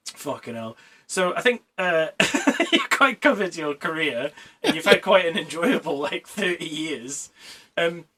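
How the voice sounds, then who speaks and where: A man's voice: on the high side, animated, measured pace, sharp tone, slightly rough. A man hosting a podcast interview, chiming in with quips, laughing and swearing. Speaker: podcast host. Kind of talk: casual conversational interview.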